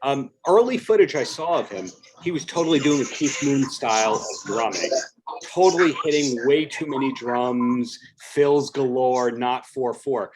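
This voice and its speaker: A man's voice: medium pitch, lively intonation, a little slow, a little mellow, rough recording. A man hosting a casual interview on a video call, asking follow-up questions. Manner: friendly, asks follow-up questions. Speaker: podcast host.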